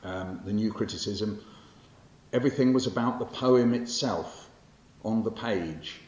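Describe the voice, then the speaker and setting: This English poet in his sixties is lecturing publicly in a library hall, mixing in poetry readings and speaking in a wry, chatty way with fillers and self-corrections. His voice is lowish and darkish, and he takes his time. The hall recording is roomy and muffled, with faint hiss underneath.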